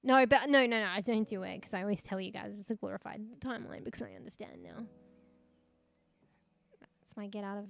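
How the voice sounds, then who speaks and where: A woman's voice: medium pitch, fairly even intonation, a little fast, vocal fry, pauses often, soft background music. A young woman streamer chatting casually with her viewers, rambling, swearing and laughing often.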